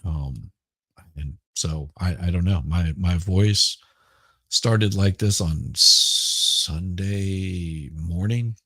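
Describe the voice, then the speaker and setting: Hoarse, gravelly Southern man, slow and low. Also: pushed and bright, dry recording. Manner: rambling, halting, repeats words. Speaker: livestream host. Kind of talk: casual livestream chat. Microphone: headphones with mic.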